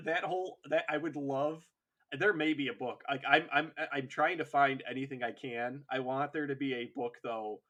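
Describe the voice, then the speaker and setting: A man's voice: mid-range voice, a bit bright. A man co-hosts a casual podcast in an ordinary mid-range voice. He rambles through his points and laughs easily. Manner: rambling, many fillers and restarts, laughs often. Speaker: podcast co-host. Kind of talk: casual chat.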